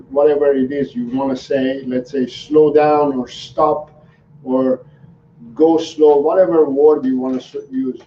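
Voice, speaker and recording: A man, a dog trainer, answering viewers' questions on a live stream in an unhurried, halting way with many ums and restarts. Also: mid-range voice, dark tone. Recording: roomy, distant, dull sound with faint noise.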